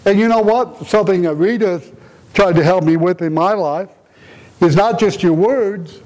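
High-voiced earnest male preacher. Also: normal speed, a little mellow, poor audio. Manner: earnest, repeats rhetorical questions; emotional, tender-hearted delivery. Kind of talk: conversational sermon.

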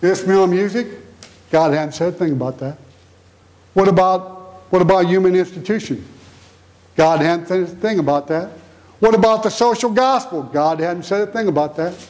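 A man's voice: sits high, moderate pace, long pauses, darkish tone. A middle-aged man preaching a sermon, emphatic and fond of repeated rhetorical questions.

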